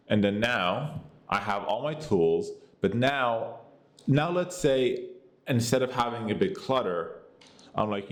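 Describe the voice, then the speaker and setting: An American tech reviewer gives a casual, rambling take on an app. His talk is packed with fillers and repeated catchphrases like "boom" and "you get the idea."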